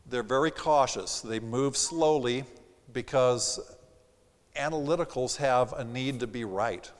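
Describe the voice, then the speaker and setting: Speaking at medium pitch with a light Southern lilt, this male sales trainer presents a live seminar on a theater stage. His delivery is lively, and he briefly impersonates the customers he talks about, his words echoing with the hall's long reverb.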